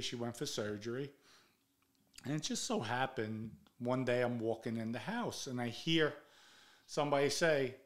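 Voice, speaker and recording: Middle-aged New man, podcast host, blunt and fired up, swears, mid-pitched. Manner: blunt, heated, swears freely. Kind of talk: personal storytelling monologue.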